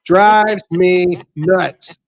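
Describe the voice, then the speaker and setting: A crowd can be heard behind a male podcast host who talks extremely slowly in a high voice. He rants brashly and sarcastically in casual commentary, ad read included.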